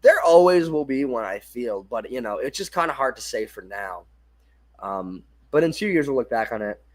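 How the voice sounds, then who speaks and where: A young male fan streams casual football play-by-play in a mid-range, animated voice at a moderate pace. He sounds tired and yawns, often corrects himself, and apologizes for his slips.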